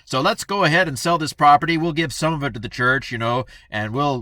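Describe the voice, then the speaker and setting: A man's voice: on the high side, a little fast, few pauses, pushed and bright, dry recording. A man giving a casual Bible lesson in a chatty, playful way, acting out the people he quotes. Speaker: Bible teacher.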